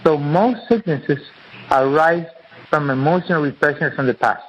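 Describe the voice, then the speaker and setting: A man's voice: fairly high pitch, normal speed, dull audio. A man guest, an author and acupuncturist, explaining his teaching in an earnest, repetitive, teacherly way during an interview.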